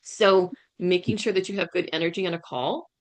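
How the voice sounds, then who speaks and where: A woman's voice: fairly low pitch, fairly even intonation, a little fast. A woman career coach giving a webinar talk over a video call, emphatic and often checking in with "right?". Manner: emphatic, keeps asking "right?". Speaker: career coach, guest speaker. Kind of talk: webinar presentation.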